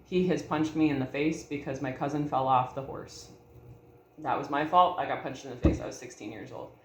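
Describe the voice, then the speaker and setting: A woman's voice: rumbling low, brisk, slight background noise. A woman in her thirties telling a personal story to her viewers in an earnest, heartfelt way, calling them y'all. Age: 30s. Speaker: vlogger. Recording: echoey room.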